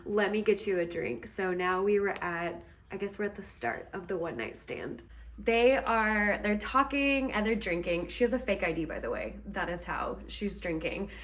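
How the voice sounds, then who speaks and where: A woman recording a casual reading vlog outdoors, chatting and recapping a book while speaking more quietly than usual. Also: medium pitch, lively intonation, moderate pace. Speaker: book vlogger.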